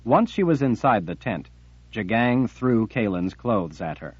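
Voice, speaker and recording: A man reading an audiobook in a steady, measured way. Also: fairly low pitch, slightly rough, dry recording, lo-fi sound. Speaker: audiobook narrator. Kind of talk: audiobook narration.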